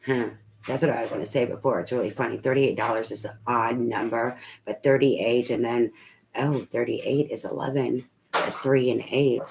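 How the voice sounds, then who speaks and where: A woman's voice: extremely low pitch, vocal fry, darkish tone. A woman giving a casual spoken tarot reading, rambling, swearing freely and laughing often. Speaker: tarot reader. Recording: noisy home recording.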